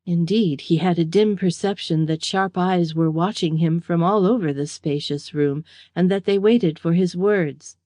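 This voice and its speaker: Female audiobook narrator, measured and mellow, close dry studio read. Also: on the low side, dry recording. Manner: measured, even storytelling. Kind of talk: scripted narration of a Victorian novel.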